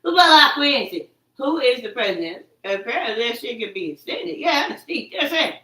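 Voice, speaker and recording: A woman's voice: fairly high pitch, sing-song, fairly quick, sharp tone. A woman talking in a rambling, agitated monologue, repeating herself, cursing and quoting her own words back. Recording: echoey room, far from the mic.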